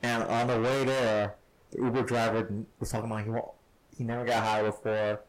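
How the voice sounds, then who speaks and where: A man's voice: fairly low pitch, little pitch movement, brisk. Laughing man telling rambling stories. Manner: laughs often, rambling storytelling. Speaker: podcast host. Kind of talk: casual chat. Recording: poor sound quality.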